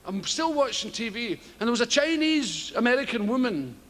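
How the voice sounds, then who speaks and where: A Scottish stand-up comedian telling rambling, profane stories with frequent chuckles. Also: male voice, extremely high pitch, very animated, normal speed, fairly bright tone. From Scotland. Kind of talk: stand-up routine. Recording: heavy background noise.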